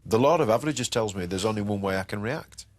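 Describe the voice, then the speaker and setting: A man, a head teacher speaking in a firm, measured way. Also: on the low side, animated. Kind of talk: documentary interview and meeting.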